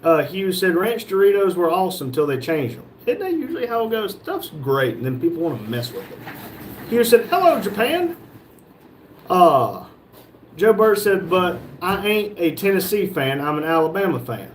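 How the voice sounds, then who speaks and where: A man with a somewhat high voice hosts a casual livestream. He reads viewer comments aloud and tosses off joking replies. Faint noise hums behind him. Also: big pitch swings, normal speed. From North Carolina, USA. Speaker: livestream host reading chat. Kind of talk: casual live chat.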